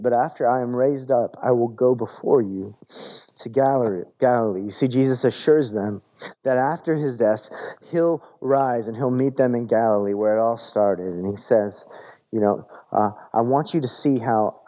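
A man preaching a sermon in a relaxed, conversational way, often repeating words as he searches for the phrase. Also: medium pitch, moderate pace, lo-fi sound. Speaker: pastor.

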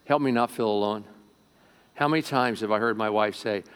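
A man preaching a sermon to a congregation as pastor, swinging between loud emphatic lines and quiet asides, often asking the room questions. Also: mid-range voice, brisk, smooth. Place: church sanctuary before a congregation.

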